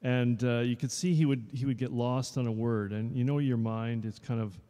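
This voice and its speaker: In a showroom with a long echo, a male actor in his fifties addresses a live audience casually, rambling and cracking jokes. He speaks at normal speed in a dark, medium-pitched, steady voice.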